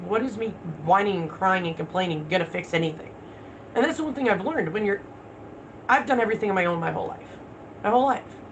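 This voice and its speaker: A woman's voice: medium pitch, fairly bright tone, a little hiss or hum, poor audio. Blunt, swearing woman livestreaming. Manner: blunt, profane, talks back to viewer comments. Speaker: livestream host. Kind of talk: casual livestream chat.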